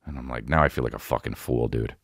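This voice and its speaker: A man's voice: extremely low pitch, fast, gravelly, slightly rough, no echo, clean studio sound. A man in his forties, a comedian hosting his podcast in a casual, rambling, profane and self-mocking monologue. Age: 40s. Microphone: studio podcast mic.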